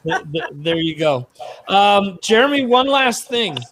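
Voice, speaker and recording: An American man hosts a casual livestream chat, his voice sitting high for a man. He rambles along, restarting his sentences and circling back on his points. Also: very animated, a little slow, fairly bright tone, a little hiss or hum. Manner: chatty, rambling with many restarts. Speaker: podcast host.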